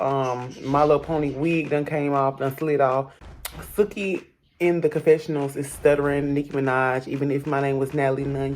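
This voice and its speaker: A woman's voice: low-pitched, darkish tone. A woman hosting a casual, gossipy recap of a reality show, talking straight to her viewers in a sassy voice. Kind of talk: casual chat.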